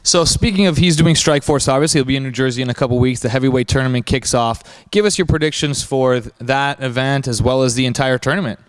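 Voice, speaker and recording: A man interviewing a fight commentator, asking brisk, direct questions. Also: mid-range voice, smooth, no echo.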